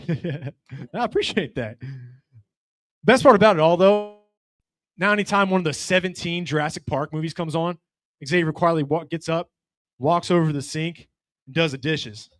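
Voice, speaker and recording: A man's voice: a little high, a bit bright, no echo, clean studio sound. Brash profane male stand-up comic. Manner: brash storytelling, profane, acts out voices. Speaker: stand-up comedian. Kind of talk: stand-up comedy set.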